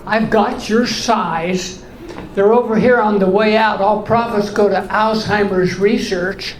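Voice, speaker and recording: A man in his eighties doing stand-up in a comedy club, telling deadpan one-liners in a voice left high by voice surgery. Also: a little slow. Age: 80s. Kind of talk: stand-up routine. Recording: echoey club with room noise.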